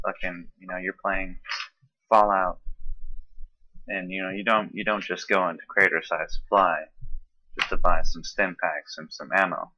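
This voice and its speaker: A man's voice: low voice, flat delivery, normal speed, long pauses, bright, forceful tone, lo-fi sound, a little hiss or hum. A man with a South Carolina Southern accent chatting casually for an accent tag video. He talks loosely and profanely with lots of ums and restarts, and he coughs and sounds tired. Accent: South Carolina Southern American. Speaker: vlogger doing an accent tag. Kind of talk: casual rambling chat.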